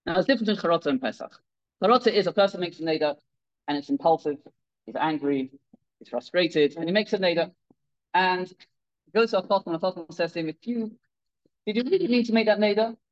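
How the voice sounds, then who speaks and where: Talking fast but pausing often, a rabbi with a voice on the high side delivers a Torah talk, and the recording is muffled. He animates his sermon's stories by acting out the quoted figures, restarting many times along the way.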